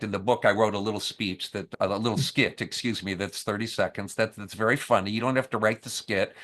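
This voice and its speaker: Podcast guest, man, animated storyteller, mid pitch. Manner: lively storyteller, acts out scenes with quoted lines. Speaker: podcast guest, camp staff trainer and author. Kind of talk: conversational interview.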